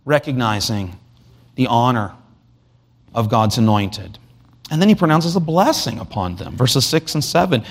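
A man's voice: on the high side, big pitch swings, normal speed. A man preaching an expository sermon, asking rhetorical questions and reading scripture aloud. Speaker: pastor.

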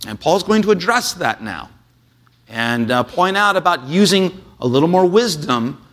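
Preaching at a moderate pace in a voice on the high side, the pastor first reads scripture aloud. He then unpacks it conversationally and easily, saying "uh" frequently.

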